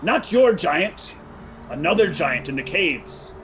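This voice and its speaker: A man playing a tabletop game, arguing in character with quick banter. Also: fairly high pitch, very animated, background noise. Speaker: player.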